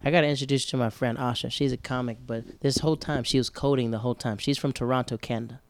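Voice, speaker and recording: A man's voice: medium pitch, fairly even intonation, fast, no room sound. Rambling chatty man, dry sound. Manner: rambling, chatty, self-correcting. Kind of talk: casual chat.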